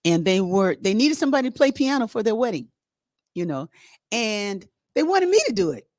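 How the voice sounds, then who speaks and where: A middle-aged woman hosting, telling a story to her online audience in a lively, chatty, rambling way. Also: mid-range voice, fairly quick, dry recording, clean studio sound. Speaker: host.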